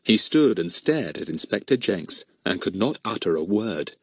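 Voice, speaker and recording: A man reads a children's mystery audiobook with lively, animated intonation. The sound is close and dry with no room echo, and he shifts into distinct voices for each character. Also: low-pitched, normal speed, husky. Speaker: audiobook narrator. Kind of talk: storybook audiobook narration.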